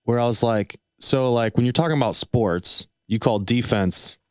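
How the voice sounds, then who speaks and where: A man's voice: mid-range voice, smooth, no room sound, clean studio sound. A man co-hosting a podcast, chatting casually and rambling through his points with lots of fillers. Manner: rambling, filler-heavy, drawn-out explaining. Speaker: podcast co-host. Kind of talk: casual chat.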